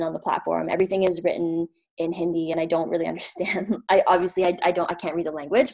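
A woman's voice: lowish voice, darkish tone. A woman from Canada in her thirties telling a travel story in a chatty, casual way, full of fillers and little laughs. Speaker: guest.

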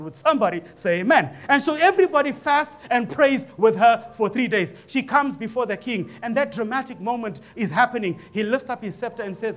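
A male pastor preaching a sermon, telling a story with lively acted-out quotes and rising calls to the congregation. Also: extremely high pitch, moderate pace, soft background music. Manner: animated storytelling preacher, acts out voices in quotes. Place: church.

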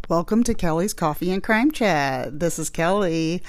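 A woman's voice: fairly low pitch, lively intonation, moderate pace. A woman hosting a podcast from home, chatting casually into a microphone with rambling asides. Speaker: podcast host. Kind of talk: casual chat.

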